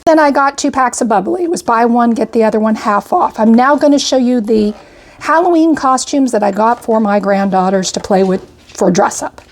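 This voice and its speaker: Chatty older woman, fairly high voice. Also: normal speed. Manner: chatty, itemizing purchases with frequent "I got" and "went ahead". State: a little out of breath. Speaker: homestead vlogger. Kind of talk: casual grocery haul narration.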